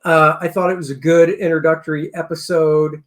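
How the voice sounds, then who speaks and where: Slightly high-voiced excitable male co-host. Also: normal speed. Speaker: show co-host. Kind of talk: casual TV review chat.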